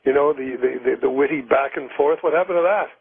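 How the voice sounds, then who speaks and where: A man's voice: a little high, quick pace, breathy edge. A man calling into a radio show as a guest, needling the others dryly. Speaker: phone-in guest. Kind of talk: radio banter. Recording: tinny phone line.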